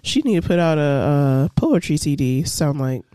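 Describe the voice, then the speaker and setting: A woman on a casual podcast chat, playful and quick with short quips. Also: low-pitched, expressive, dark tone, no echo, clean studio sound.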